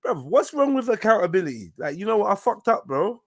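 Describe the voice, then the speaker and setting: A man from South London with a London accent, hosting a live podcast and reacting to a played clip in an animated, slangy, incredulous way. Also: sits high, a little fast, no room sound, studio quality. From South London, England. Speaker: podcast host.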